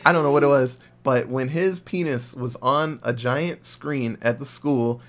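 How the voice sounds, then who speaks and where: A young man co-hosting a podcast, reviewing a horror film in casual, profane, animated chat. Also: medium pitch, unhurried. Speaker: podcast co-host.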